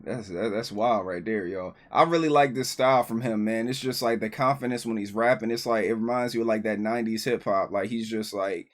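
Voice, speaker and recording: A man hosting a reaction video, talking casually and excitedly to his viewers with a lot of slang. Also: on the low side, brisk, hardly any pauses. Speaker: reaction channel host.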